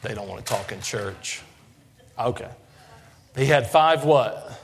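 A man's voice: lively intonation, unhurried, a little hiss or hum. A man preaching a sermon, folksy and questioning the congregation, building up in intensity. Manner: folksy, asks the congregation questions, rises in pitch and force when preaching. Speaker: pastor.

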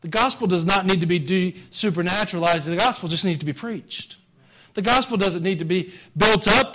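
A man preaching a sermon to his congregation. He talks conversationally, pushing some lines out loud and dropping others to quiet joking asides. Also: high-pitched. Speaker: pastor. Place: church sanctuary.

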